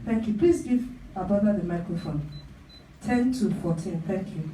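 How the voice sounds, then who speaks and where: A woman's voice: mid-range voice, animated, moderate pace, dark tone, slight background noise. A woman pastor preaching a sermon, stressing her points by repeating them. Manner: emphatic, repeats phrases for emphasis. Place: church hall. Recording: echoey hall, picked up from a distance.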